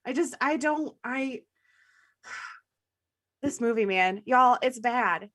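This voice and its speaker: Female podcast co-host, slightly high voice, exasperated and laughing, dry close sound. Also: expressive, very slow, fairly bright tone, dry recording. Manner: laughing, exasperated, takes notes. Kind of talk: casual movie review chat.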